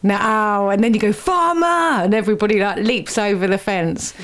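A woman's voice: mid-range voice, flat delivery, a little fast. A woman hosting a radio show in a studio, chatty and teasing as she quizzes her guests. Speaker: radio host.

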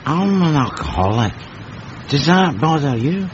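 An actor playing a chatty, offhand old homeless drinker in a radio comedy, on a dull lo-fi recording. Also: male voice, fairly high pitch, big pitch swings, unhurried, slight background noise. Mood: wry. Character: old male tramp, drinker, chatty and unbothered.

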